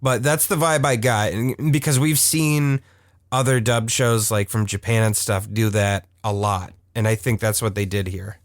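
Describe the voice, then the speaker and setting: A man's voice: lowish voice, normal speed, dry recording, clean studio sound. A man co-hosting a casual cartoon podcast, chatty and laughing often as he talks through the episodes. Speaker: podcast co-host. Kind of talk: casual chat about cartoons.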